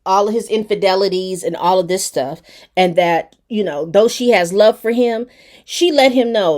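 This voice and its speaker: A woman's voice: medium pitch, a little mellow. A woman giving a casual, chatty recap and review of a TV episode, talking straight to her viewers. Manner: chatty and colloquial, addressing viewers directly. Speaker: TV show reviewer.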